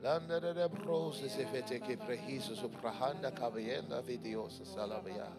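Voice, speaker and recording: A man's voice: medium pitch, moderate pace. A man leading a church service as pastor, joking with the congregation, then praying and delivering fervent prophetic declarations. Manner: playful, joking asides with laughter. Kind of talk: sermon with prayer and prophecy. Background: music playing.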